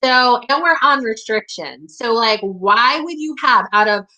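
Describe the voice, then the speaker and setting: Woman telling her own story, kinda high and bright, loose and swears a lot. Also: expressive, a little slow, rough recording. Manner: casual and profane, heavy use of "like". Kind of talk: personal storytelling.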